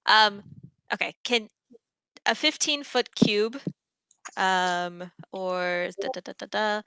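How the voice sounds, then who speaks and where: A young woman playing a tabletop game, thinking aloud with many fillers and quick apologies. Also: medium pitch, pushed and bright, clean tone, dry recording. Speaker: player. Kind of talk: casual tabletop game chat.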